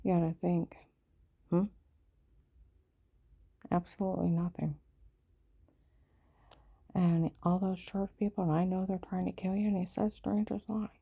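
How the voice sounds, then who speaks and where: A woman tells a rambling personal story in a low, gravelly, husky voice. Her tone stays dark and flat as she presses her grievances with insistence. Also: a little slow, long pauses, dull audio. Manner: aggrieved, insistent retelling.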